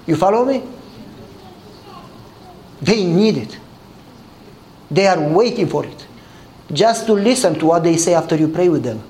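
A man with a Romanian accent preaches in a fairly high voice and tells an animated story. He acts out each exchange and laughs as he goes. There is a faint hiss behind him. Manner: animated storyteller acting out dialogue, laughing often. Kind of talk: sermon storytelling.

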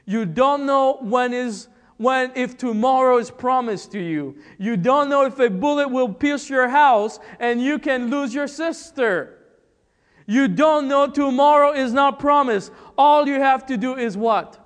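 Slow, high-voiced preacher in a reverberant hall. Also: male voice, clean tone. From Republic of the Congo. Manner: emphatic, rhetorical questions, dramatic pauses. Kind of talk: sermon. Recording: long church-hall reverb.

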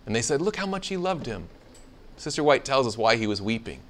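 Lively man teaching a Bible seminar. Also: mid-range voice, fairly quick, slight background noise. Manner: animated, asks the room questions, acts out quoted lines.

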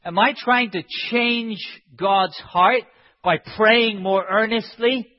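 Impassioned preacher, breathy voice, echoing hall. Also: male voice, high voice, slow pace. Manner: impassioned, rising to emphatic cries. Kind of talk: sermon. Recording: dull sound in a reverberant hall.

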